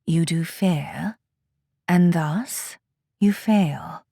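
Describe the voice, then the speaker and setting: A woman voicing a calm, cryptic alien female elder teacher in a hushed, half-whispered, solemn voice, recorded dry. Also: lowish voice, drawn-out words, vocal fry, slightly rough, no room sound, exaggerated voice.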